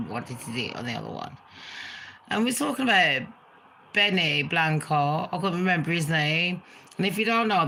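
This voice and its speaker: A woman's voice: on the low side, pushed and bright, rough recording. A woman chatting casually as a celebrity gossip vlogger, rambling and swearing freely. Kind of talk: casual chat.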